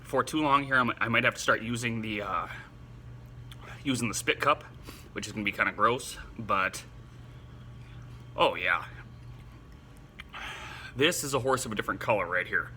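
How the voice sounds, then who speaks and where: A man filming himself through a spicy food challenge, teary and runny-nosed, talking in halting bursts broken by gasps and exclamations. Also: fairly low pitch, bright, forceful tone, slight background noise. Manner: halting, breathless exclamations between short remarks. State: eyes watering, nose running, in pain from spice. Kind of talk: casual on-camera commentary.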